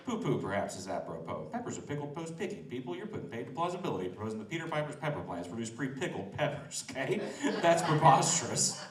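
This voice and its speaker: A man's voice: mid-range voice, sing-song, fast, hardly any pauses, reverberant, recorded from a distance. A man doing a loose, laughing stand-up set outdoors, teasing the crowd. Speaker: stand-up comedian. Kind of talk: open-mic stand-up set. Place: outdoors in front of a restaurant.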